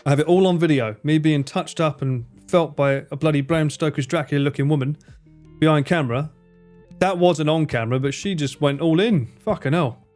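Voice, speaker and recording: A man's voice: fairly high pitch, a little fast, a little mellow, soft background music. An English man chatting casually on a live stream while gaming, swearing freely and laughing often. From England.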